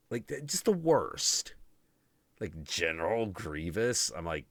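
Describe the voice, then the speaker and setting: Sarcastic, swearing man ranting in lively tones. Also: lowish voice, a little slow, dry recording. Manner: rambling, sarcastic, swears constantly; mocking impressions of film characters. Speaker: podcast host. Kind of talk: profane casual stream chat.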